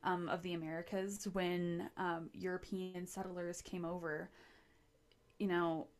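A young adult woman co-hosting a podcast, talking in an animated, excitable way full of "like" fillers. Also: on the low side, a little slow. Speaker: podcast co-host. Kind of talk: casual podcast chat.

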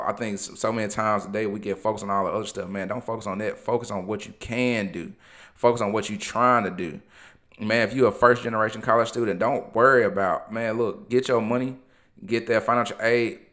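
A man delivers a motivational podcast monologue. His voice is bright and forceful, and he talks informally and preaches encouragement, hammering his points with repetition. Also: on the low side. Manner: impassioned, preachy, informal, repeats phrases. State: emotional. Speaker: podcast host.

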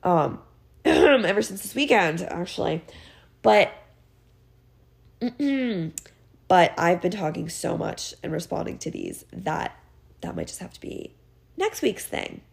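Gravelly-voiced teenage girl podcaster. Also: lowish voice, big pitch swings, slow, pauses often. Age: teens. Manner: chatty, rambling, filler-heavy, self-mocking. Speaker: podcast host. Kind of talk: casual solo podcast chat.

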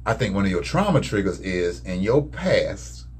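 Laid-back low-voiced man, faint hiss. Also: sing-song, normal speed. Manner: laid-back, colloquial, gently teasing. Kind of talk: casual conversational talk.

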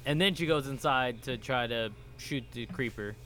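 A man casually explaining a movie scene, relaxed, often trailing off and restarting words. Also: mid-range voice, moderate pace, noisy background. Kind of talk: casual movie recap chat.

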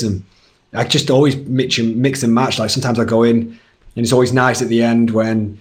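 A man's voice: medium pitch, steady tone, brisk. A man in his thirties with a Northern English accent, chatting casually as an actor guest in an interview, with lots of fillers and restarts. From Northern England. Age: 30s.

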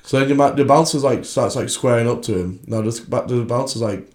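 A man's voice: medium pitch, brisk, darkish tone. A young man co-hosting a podcast, telling a sweary pub story in casual banter. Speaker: podcast co-host. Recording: echoey room.

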